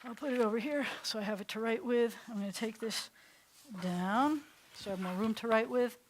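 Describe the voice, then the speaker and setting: A woman rabbi teaching a Hebrew class in a synagogue classroom, enthusiastic, slowly sounding out breathy words. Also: fairly high pitch, a little hiss or hum. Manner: enthusiastic, drawn-out breathy pronunciations.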